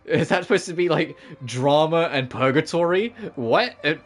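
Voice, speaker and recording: A streamer chatting through a game, animated and chatty, laughing often and swearing now and then. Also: medium pitch, normal speed. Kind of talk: let's-play commentary. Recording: faint game music behind.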